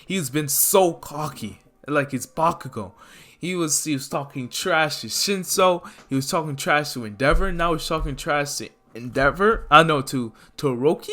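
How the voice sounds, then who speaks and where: Bright-voiced man narrating casually. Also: fairly high pitch, normal speed. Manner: rambling, filler-heavy, self-correcting. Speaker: fan story narrator. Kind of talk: casual fan-fiction narration.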